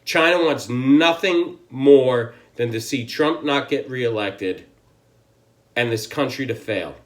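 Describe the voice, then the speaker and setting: An American man rants straight to camera, his voice sitting at an ordinary middle pitch. He sounds annoyed and forceful, hammering each point and cursing freely. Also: takes it slowly. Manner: angry, profane, emphatic. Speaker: channel host. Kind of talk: political rant to camera.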